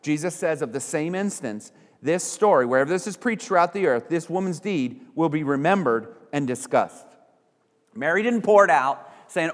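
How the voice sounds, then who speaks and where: Man, pastor, sermon, lively swooping voice, long church reverb. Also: on the high side, normal speed. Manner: animated, acts out little voices of people he quotes. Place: church sanctuary.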